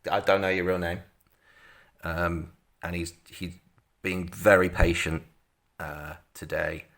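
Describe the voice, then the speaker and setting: Deep, gravelly man coaxing. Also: little pitch movement, takes it slowly, a bit bright. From Britain. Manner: coaxing, pleading, mock-exasperated. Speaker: livestream co-host. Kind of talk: casual comic chat.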